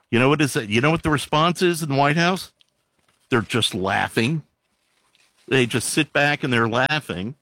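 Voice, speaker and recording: A man's voice: medium pitch, fairly bright tone, no echo. Exasperated man riffing on the news. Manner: sarcastic asides, sighs, exasperated. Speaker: commentator reading news. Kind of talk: reading news aloud with commentary.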